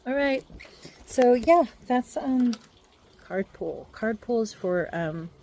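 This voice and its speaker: A woman's voice: fairly high pitch, lively intonation, slow pace, a little mellow, a little hiss or hum, rough recording. A woman doing a casual tarot card reading, musing aloud and hesitating with many fillers. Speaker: tarot reader.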